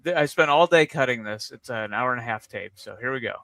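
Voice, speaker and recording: A man's voice: mid-range voice, brisk. A man co-hosting a chat show, talking casually as he introduces a video clip. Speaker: co-host.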